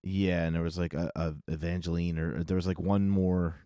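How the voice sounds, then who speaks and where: A man's voice: sits low, level tone, a little fast, dark tone, dry recording, clean studio sound. A man co-hosting a podcast, chatting about a movie in a laid-back, joking manner. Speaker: podcast co-host. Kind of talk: casual movie discussion.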